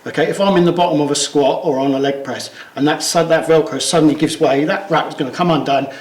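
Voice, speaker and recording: A man with a fairly high voice walks through a demonstration step by step, his phrases often trailing off softly. He sounds slightly out of breath from the physical work. The room around him is noticeably echoey. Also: fairly even intonation, quick pace. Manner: instructive, step-by-step, trails off quietly at phrase ends. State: out of breath from pulling. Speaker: strength coach. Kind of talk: hands-on demonstration.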